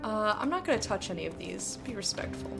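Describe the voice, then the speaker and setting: A young woman streaming a game, chatting casually and excitably, often giggling. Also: medium pitch, brisk, gravelly, music in the background. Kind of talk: casual gameplay commentary.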